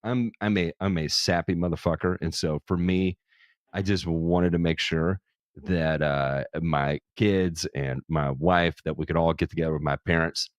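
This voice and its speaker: A man's voice: low-pitched, steady tone, normal speed, dry recording. A man hosting a charity livestream, talking casually in a candid, profane, self-deprecating way. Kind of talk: casual chat.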